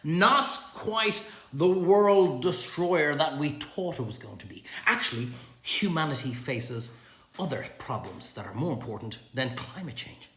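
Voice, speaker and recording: A man's voice: a little high, lively intonation, unhurried, pushed and bright. A middle-aged Irish man delivering a sarcastic, profane monologue as a vlogger. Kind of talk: ranting monologue. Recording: roomy echo.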